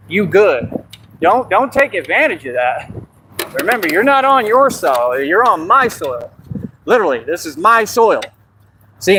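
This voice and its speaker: Confrontational male streamer with a high voice, phone-recorded on a noisy street. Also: pushed and bright. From Texas. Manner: brash, confrontational and boastful. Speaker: livestreamer. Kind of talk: livestream rant. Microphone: phone livestream.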